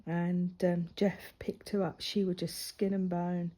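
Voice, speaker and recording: She speaks unhurriedly in a mellow, fairly low voice with little pitch movement. A crafting vlogger and mother of a grown daughter, she rambles casually through a personal tale while colouring, often slipping into a near-whisper.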